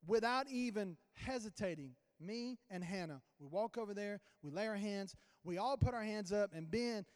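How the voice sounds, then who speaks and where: A man preaching a sermon as a pastor, telling a story with sudden swings in loudness. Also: high voice, animated, normal speed. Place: church sanctuary. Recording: long church reverb.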